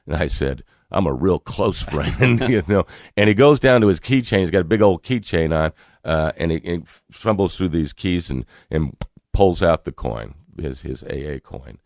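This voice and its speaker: Deep-voiced Southern man telling a story. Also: expressive, darkish tone, no room sound, studio quality. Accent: North Carolina. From North Carolina. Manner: earnest, halting, repeats words, chuckles often. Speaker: radio show host. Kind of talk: personal storytelling on talk radio.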